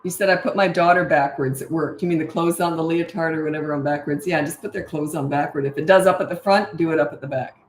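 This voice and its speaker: A middle-aged woman who coaches parents, answering viewer questions in a breezy, matter-of-fact way and acting out parent lines in a bright sing-song. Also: low-pitched, fairly even intonation, quick pace, hardly any pauses, a little hiss or hum. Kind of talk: casual Q&A livestream. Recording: echoey room.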